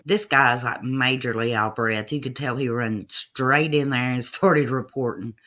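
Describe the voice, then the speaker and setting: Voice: medium pitch, normal speed, sharp tone. A livestream host giving loose, chatty commentary over archive clips, with fillers and asides to chat.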